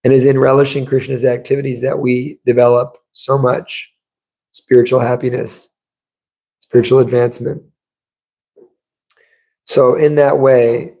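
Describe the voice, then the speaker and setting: Gravelly, mellow-voiced man giving a temple class. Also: mid-range voice, poor audio. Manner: conversational storytelling, acts out quotes. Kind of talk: sermon. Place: temple room.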